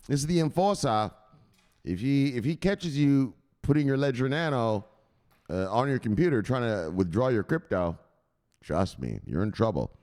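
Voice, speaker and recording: A man hosting a crypto news livestream, chatting with viewers in a loud, profane, excitable way. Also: mid-range voice. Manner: profane, excitable, shouting "bang!" often.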